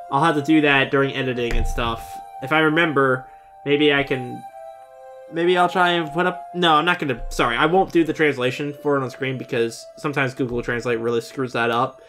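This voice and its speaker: Hosting a casual video reaction, a man is chatty and openly emotional, exclaiming and swearing a lot. His voice is medium-pitched and a little bright.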